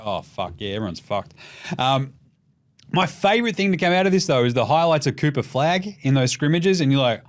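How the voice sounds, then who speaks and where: Australian male podcast host, sweary casual chat, very lively pitch. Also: a little fast. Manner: animated, profane, mimics voices for jokes.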